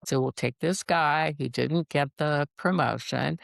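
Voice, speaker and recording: Slow, gravelly-voiced woman psychologist. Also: deep voice, no room sound, clean studio sound. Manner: calm, measured explaining. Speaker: psychologist guest. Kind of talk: podcast interview.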